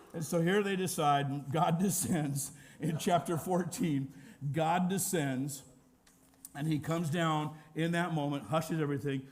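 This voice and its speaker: An older man preaching a sermon as pastor, animated and humorous, acting out the scenes he describes. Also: on the high side.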